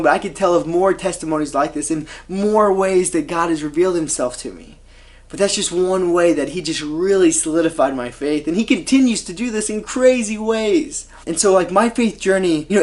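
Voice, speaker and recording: Earnest young man. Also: on the high side. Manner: earnest and conversational, many fillers like "you know" and "like". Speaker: medical student sharing testimony. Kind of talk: personal faith testimony to camera.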